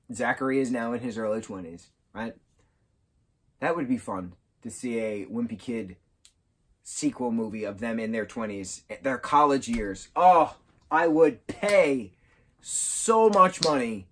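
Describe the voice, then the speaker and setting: A man reviewing a film in a casual vlog, retelling scenes excitedly with bursts of giggling and sudden jumps in pitch and volume. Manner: giggles through his retelling.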